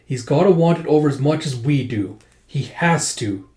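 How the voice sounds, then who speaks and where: A man reading a stern, fiery woman who heads a crime family, sharp and commanding. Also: mid-range voice, quick pace, echoey room, natural voice. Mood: angry. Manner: sharp, commanding, flares into shouting.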